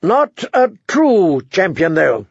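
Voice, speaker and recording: A man's voice: high voice, very animated, takes it slowly, vocal fry, breathy edge, no echo, muffled recording, voice pushed up, heavily acted. A man voicing a cruel, drunken teenage king who mocks gleefully and shrilly.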